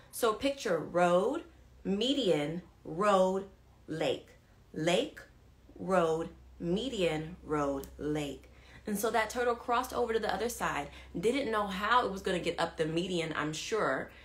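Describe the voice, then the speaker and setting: A woman leads a live-stream devotional and tells her story straight to the viewers. She is animated and repeats key lines for emphasis. She often checks whether her audience is following along. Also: on the high side. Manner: talks straight to viewers, asks if they follow. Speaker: women's ministry leader.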